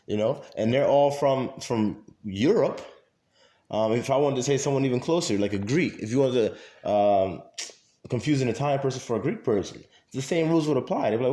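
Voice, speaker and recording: A man's voice: mid-range voice, lively intonation, fairly quick, mellow. A man in a casual monologue to camera, talking emphatically with many fillers and repeating his points. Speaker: vlogger. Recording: echoey room.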